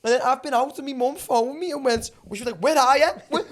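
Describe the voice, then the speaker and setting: A man, telling stories at speed in a casual podcast chat. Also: very high-pitched. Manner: fast, animated storytelling.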